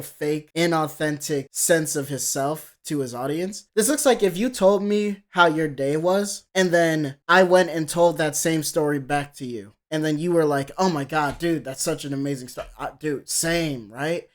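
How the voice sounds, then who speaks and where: A man doing live-stream reaction commentary in a heated, profane rant, mocking the voices he quotes. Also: unhurried. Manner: heated, profane ranting with sudden jumps in pitch. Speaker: streamer reacting to music videos.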